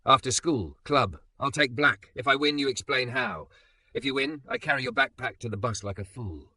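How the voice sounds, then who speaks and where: A man doing a calm, gentle male teacher. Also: normal speed, gravelly, heavily acted. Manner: gentle, steady, low-key.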